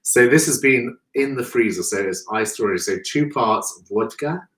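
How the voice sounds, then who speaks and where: A man's voice: medium pitch, moderate pace, a bit bright, reverberant, distant mic, low-quality recording. A man hosting a live chat while making a cocktail, chatty and effusive. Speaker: host.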